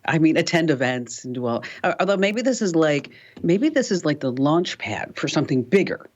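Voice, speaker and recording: A woman hosts a casual podcast, teasing her co-hosts and laughing readily. Her pitch swoops up and down animatedly. She sounds like she is chatting with friends. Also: a little fast, highs cut off. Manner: lively, teasing, laughs easily. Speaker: podcast host. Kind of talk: casual chat.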